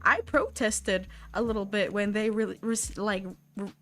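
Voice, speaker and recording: A woman's voice: medium pitch, a little slow, a bit bright. A young woman chatting on a livestream while she draws, rambling, swearing and laughing often. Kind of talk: casual chat while drawing.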